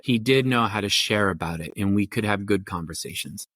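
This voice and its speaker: In a podcast interview, a middle-aged man who works as a family therapist and parenting coach lays out his thinking in a lowish, slightly bright voice at a brisk pace. His musings meander, full of restarts and fillers, captured in a dry, clean studio recording.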